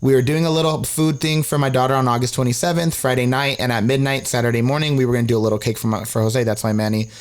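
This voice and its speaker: A young man co-hosting a laid-back podcast and spinning a story about a night out. He talks casually and swears freely, and his voice jumps sharply when he acts out what people said. His pitch is mid-range. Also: fairly even intonation, fast, hardly any pauses. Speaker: podcast co-host.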